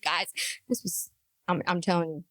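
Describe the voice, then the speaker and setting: A woman's voice: fairly low pitch, fairly even intonation, moderate pace, fairly bright tone, no room sound, studio quality. A woman giving amused, mocking reaction commentary, often laughing at what she watches.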